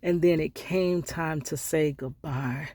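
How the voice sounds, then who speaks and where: A middle-aged woman vlogger telling a personal story in a heartfelt, conversational way, sometimes dropping to hushed asides. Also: sits low, slow, no room sound, clean studio sound.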